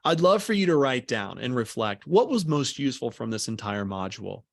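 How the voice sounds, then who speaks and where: A man teaching a recorded communication lesson as a coach, speaking in an encouraging way with deliberate pauses. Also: mid-range voice, very animated, vocal fry, dry recording, clean studio sound.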